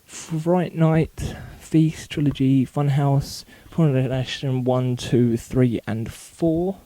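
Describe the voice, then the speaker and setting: A man speaks in a very dark, mellow tone, reading through a long list at speed and correcting himself as he goes. The sound is close and dry, recorded at home in his bedroom for a casual vlog. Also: medium pitch, no echo. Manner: rattles off titles quickly with small slips and self-corrections. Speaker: video blogger.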